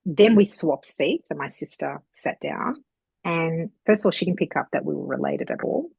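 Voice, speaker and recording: A woman with a low, husky voice tells a long chatty story in a relaxed podcast conversation. She rambles and jumps into quoting others along the way. The recording is close and dry. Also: normal speed, no room sound, rough recording. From Australia. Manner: chatty, rambling, animated retelling with acted quotes. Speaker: psychic medium guest. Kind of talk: casual storytelling chat.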